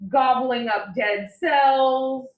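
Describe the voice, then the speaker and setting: High-voiced woman lecturing from across a room. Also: extremely slow. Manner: animated, playful analogies. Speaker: anatomy instructor. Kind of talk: classroom lecture. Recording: roomy, distant, dull lecture recording.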